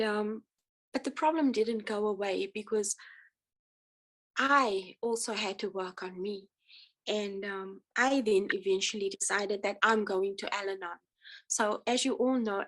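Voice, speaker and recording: A woman giving an earnest, halting personal testimony at a church support meeting, speaking with feeling and frequent pauses. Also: mid-range voice, fairly bright tone, low-quality recording. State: emotional. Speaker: speaker sharing her testimony.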